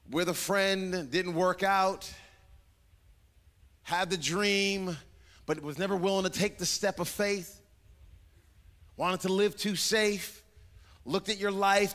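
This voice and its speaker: High-voiced preacher in a reverberant hall. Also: male voice, fairly even intonation, a little slow, long pauses, fairly bright tone. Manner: dramatic, acts out quoted voices, repeats phrases for emphasis. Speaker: pastor. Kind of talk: sermon. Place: church sanctuary.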